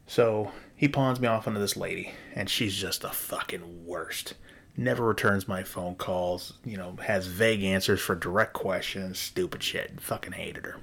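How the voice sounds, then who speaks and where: A man, a property investor, telling a personal story in a blunt, profane, animated way. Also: low-pitched, normal speed, creaky, husky. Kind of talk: casual storytelling.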